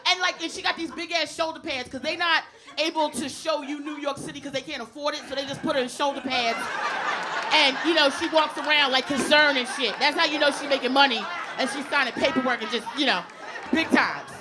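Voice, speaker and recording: Brash high-voiced woman doing stand-up. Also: a little fast. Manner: brash, profane, animated storytelling. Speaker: stand-up comedian. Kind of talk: stand-up comedy routine. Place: comedy club stage with live audience. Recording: live club recording with crowd laughter and noise.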